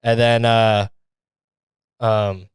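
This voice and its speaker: Young male podcast host, smooth clean voice, dry close sound, loose profane rambling comedy. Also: on the low side, level tone, very slow, dry recording. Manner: rambling, profane, restarts and mimics others for laughs. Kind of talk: casual comedic monologue.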